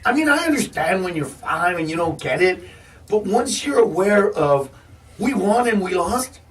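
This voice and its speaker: High-voiced ranting male comedian. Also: normal speed, distant mic, a little hiss or hum. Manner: animated, ranting, stammering restarts. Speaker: guest comedian. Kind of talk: casual radio chat. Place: radio studio.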